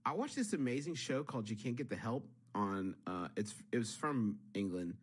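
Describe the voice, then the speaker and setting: A man co-hosting a comedy podcast, with a husky, slightly breathy voice. He rambles through his stories and works himself into mock outrage. His pitch sits in the middle range. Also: animated, normal speed. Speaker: podcast co-host.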